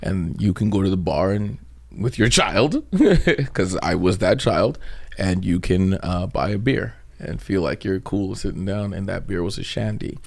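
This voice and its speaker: A man from Trinidad, a comedian guest, chatting casually, telling animated stories and laughing often. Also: low voice, a little slow, gravelly. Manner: animated storyteller, laughs often, breaks into mock voices. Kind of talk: casual interview chat.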